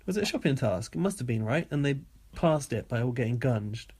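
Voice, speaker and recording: A man co-hosting a casual podcast, rambling through long recaps with a voice of middling pitch. He laughs often as he goes. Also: expressive, a little fast, a little mellow, breathy edge. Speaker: podcast co-host. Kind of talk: casual chat.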